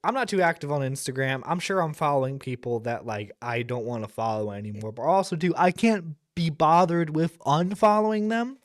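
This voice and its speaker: A man's voice: on the high side, a little fast, few pauses, no room sound, clean studio sound. A man giving casual, rambling commentary as a streamer reacting to a video, with lots of fillers and blunt profanity.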